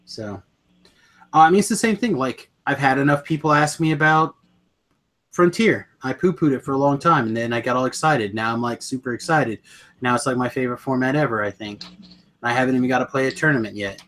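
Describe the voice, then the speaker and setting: A man's voice: mid-range voice, a little fast, fairly bright tone. A man co-hosting a podcast, chatting casually and enthusiastically, often rambling and correcting himself mid-sentence. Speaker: podcast co-host. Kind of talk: casual chat about card games.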